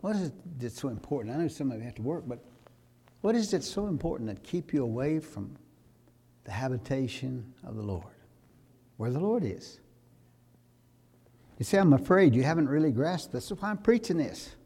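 Gravelly-voiced preacher man. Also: mid-range voice, lively intonation, normal speed, long pauses. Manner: preachy, rising to loud fervent exhortation. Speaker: pastor. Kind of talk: sermon.

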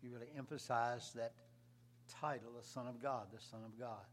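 Man preaching with sudden loud swells. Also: medium pitch, steady tone, normal speed, slight background noise. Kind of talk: sermon.

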